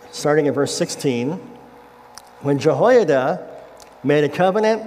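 Casual pastor preaching in an echoing hall. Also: male voice, a little high, darkish tone, a little hiss or hum. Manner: retells scripture casually, checks in with the congregation. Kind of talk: casual conversational sermon. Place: church sanctuary. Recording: echoey hall with faint ambience.

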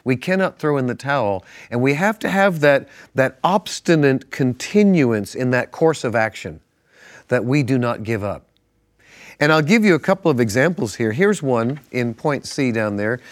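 A man co-hosting a Christian broadcast, teaching from the Bible in an earnest, conversational way and reading verses with rising emphasis. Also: on the high side. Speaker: pastor, co-host. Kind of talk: Bible teaching in casual studio chat.

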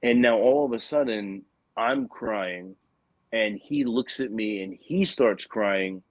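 A man's voice: on the low side, slow pace, dry recording, poor audio. A young adult man telling a personal story in casual conversation, earnest and rambling with many restarts.

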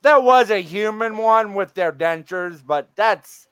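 A man with a very high voice hosts a casual live stream, speaking slowly and drawing his words out. He laughs often and gets excited about odd news. The sound is dry and close. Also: clear, resonant tone, dry recording. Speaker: streamer host.

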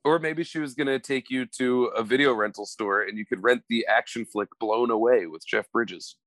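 A man's voice: medium pitch, normal speed, dry recording. A young adult man co-hosting a podcast, telling funny stories in casual chat and laughing often. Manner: animated storyteller who laughs a lot and acts out quoted voices. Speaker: podcast co-host.

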